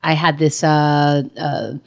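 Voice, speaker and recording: Hesitant, low-voiced woman guest. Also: flat delivery, slow, gravelly. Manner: hesitant, trails off, restarts often. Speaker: podcast guest. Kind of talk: casual chat.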